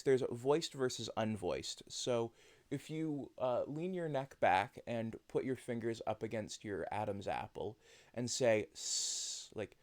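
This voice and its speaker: A man's voice: medium pitch, a little mellow, no room sound. A man streaming a video game, chatting casually and explaining things with lots of fillers. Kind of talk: casual gameplay chat.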